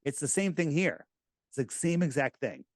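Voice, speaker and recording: Middle-aged man, from the US, rambling interview talk, higher voice, dry sound. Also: normal speed, no echo. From United States. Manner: animated, rambling storyteller with many restarts. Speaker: podcast host, guest.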